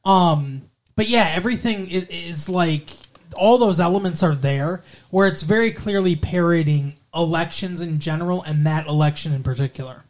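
A young man with a notably high-pitched voice chats casually about a film. His talk rambles, full of fillers, false starts and self-corrections. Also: moderate pace. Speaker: podcast co-host reviewing a film. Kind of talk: casual conversation.

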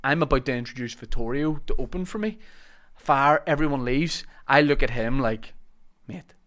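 A male comedian tells a story on a podcast. He is animated and acts out the people in it. His pitch sits in the middle for a man. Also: moderate pace. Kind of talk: casual chat.

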